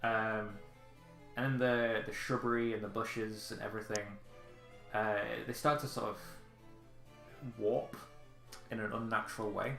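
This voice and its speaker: A man's voice: lowish voice, a little slow, reverberant, soft background music, low-quality recording. A man narrating as game master in a tabletop role-playing session, easygoing and full of filler words. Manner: relaxed, frequent filler words.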